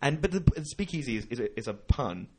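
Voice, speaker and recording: A man's voice: mid-range voice, very animated, a little fast, darkish tone, a little hiss or hum. A man co-hosting a casual podcast, telling stories animatedly, acting out voices and laughing often. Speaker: podcast co-host. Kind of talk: casual chat.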